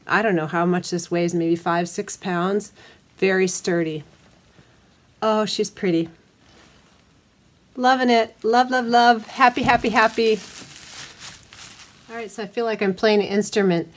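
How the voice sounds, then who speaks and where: A woman hosting a casual unboxing vlog, gushing to her viewers in an excitable way. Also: mid-range voice, measured pace, long pauses. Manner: gushing, excitable, talks to viewers as "you guys". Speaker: soap maker and channel host.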